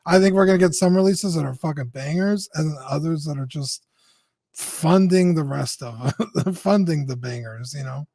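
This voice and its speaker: A man's voice: fairly high pitch, normal speed, gravelly, dark tone, no room sound. A man talking as a podcast guest in casual chat, blunt, sighing and swearing casually.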